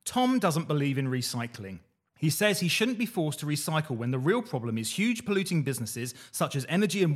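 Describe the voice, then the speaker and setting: A man co-hosting a casual podcast, reading old diary entries aloud in a dry, deadpan way with the odd swear. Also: medium pitch.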